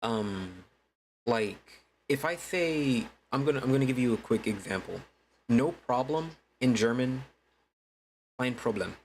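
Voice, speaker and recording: A man's voice: medium pitch, expressive, a little slow, a little hiss or hum, rough recording. A man chatting casually to his viewers during a game stream, laid-back and swearing freely. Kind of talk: casual gaming stream chat.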